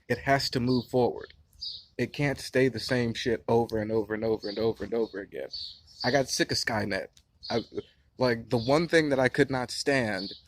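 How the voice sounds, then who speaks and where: Late-twenties man, mid-range voice, rambling heated outdoor movie rant. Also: medium pitch. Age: late 20s. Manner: passionate, profane, rambling. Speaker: movie reviewer. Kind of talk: casual rant-style review. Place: outdoors near a beehive.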